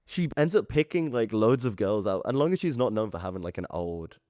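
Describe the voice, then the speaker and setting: Fast-talking young man. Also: on the low side, expressive, a little mellow, no echo, studio quality. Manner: quick, easygoing, lots of fillers and laughs. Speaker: podcast co-host. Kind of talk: casual chat.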